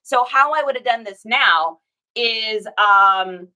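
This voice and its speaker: A woman's voice: mid-range voice, unhurried, sharp tone, low-quality recording. A woman reseller chatting casually to her viewers, encouraging them and often breaking into fits of laughter. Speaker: online clothing reseller.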